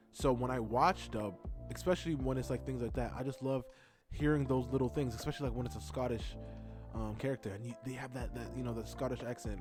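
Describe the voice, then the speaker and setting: Rambling, excitable male art vlogger. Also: mid-range voice. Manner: rambling, excitable, with many fillers. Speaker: art content creator. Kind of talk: rambling casual chat over a drawing video.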